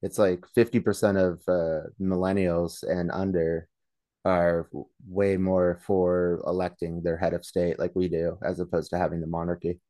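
A man's voice: low voice, little pitch movement, normal speed, dark tone, no room sound, clean studio sound. A man co-hosting a podcast in casual chat, crude and joking, laughing often. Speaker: podcast co-host.

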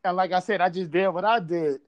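A man's voice: high voice, steady tone, fairly quick, dull audio. A man from Buffalo telling a casual story, swearing freely and acting out quotes. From Buffalo, New York.

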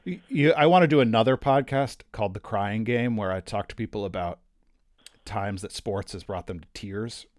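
Low-voiced man hosting in a dry booth. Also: moderate pace, no echo. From Vermont, USA. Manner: conversational, prompting questions. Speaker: podcast host. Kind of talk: casual interview.

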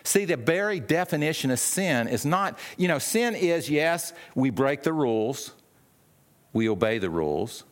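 A man's voice: fairly high pitch, very animated, measured pace. A man preaching a sermon in a conversational way, with many restarts and questions to the listeners. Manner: acts out the brothers' lines in a raised, sharp voice.

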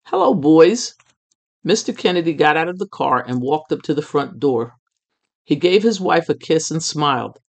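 A storyteller reading a children's book aloud in an expressive, measured way. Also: mid-range voice.

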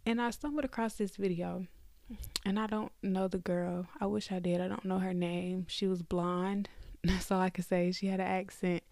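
A woman's voice: lowish voice, steady tone, normal speed, darkish tone, no echo, studio quality. A young woman hosting a faith podcast, talking candidly and conversationally to her listeners from her bed at home. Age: young adult. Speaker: podcast host.

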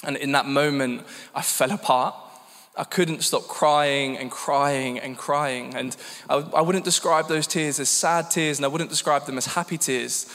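A man's voice: medium pitch, fairly bright tone. English man telling his story in a reverberant hall. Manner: candid, self-deprecating, conversational. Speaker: church speaker giving testimony. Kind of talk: personal testimony talk. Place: church hall. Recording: long reverb in a church hall.

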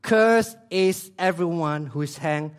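Male pastor, sermon, passionate, repetitive emphasis, loud-to-hushed swings, slightly high voice. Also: takes it slowly, clean tone. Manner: emphatic repetition, non-native grammar slips.

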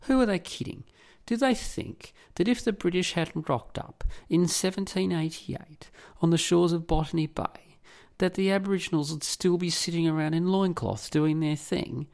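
A man's voice: fairly high pitch, normal speed, creaky, a little mellow. An Australian man hosting a podcast, delivering an indignant, sarcastic and profane solo rant. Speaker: podcast host. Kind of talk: solo ranting monologue.

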